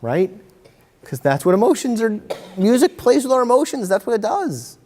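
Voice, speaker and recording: A man giving a lively workshop talk to parents, acting out kids and parents in quick voices. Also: very high voice. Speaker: workshop presenter. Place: meeting room. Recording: hall reverb from a community-TV taped talk.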